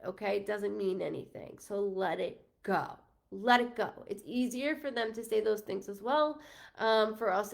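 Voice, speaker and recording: A woman hosting a live medium stream, talking casually to her viewers and thanking them one by one. Her voice is strongly gravelly with constant fry, and she speaks slowly, filling pauses with ums. She drops a swear word here and there. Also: medium pitch. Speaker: medium doing live readings. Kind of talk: casual livestream chat with viewers.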